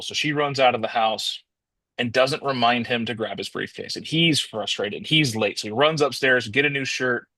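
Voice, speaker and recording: A man's voice: mid-range voice, normal speed, sharp tone, no echo. A man telling a motivational story in a casual, rambling way, often restarting and calling his listeners guys.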